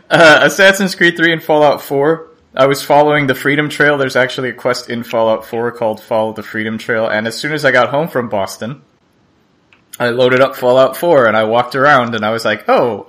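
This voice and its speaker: A man co-hosting a podcast, chatting casually in a rambling, halting way and laughing often. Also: mid-range voice, fairly bright tone. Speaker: podcast co-host. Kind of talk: casual chat.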